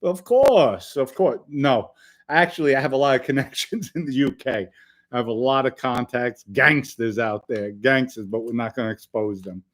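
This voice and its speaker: A middle-aged man hosts a casual live stream in an even, mid-range voice, chatting loosely with his viewers. He jokes around and breaks out in sudden loud bursts now and then. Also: medium pitch, moderate pace. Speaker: podcast host reading live chat.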